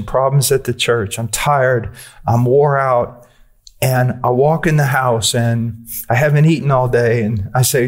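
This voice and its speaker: A man's voice: mid-range voice, a little slow. A man preaching a sermon, earnest and direct, pressing his listeners with questions and using blunt, dry humor.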